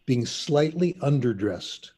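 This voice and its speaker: A man's voice: medium pitch, animated, slow pace, dark tone, slightly rough. An older man, a linguist being interviewed, telling anecdotes in a chatty, casual way. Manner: chatty anecdotal storyteller, laughs at himself. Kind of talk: casual storytelling.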